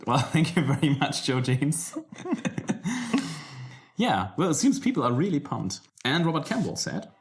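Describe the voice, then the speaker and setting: A man's voice: a little high, sing-song, a little slow. A man co-hosting a casual game podcast, chatty and laughing often while reading out listener mail. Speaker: podcast co-host.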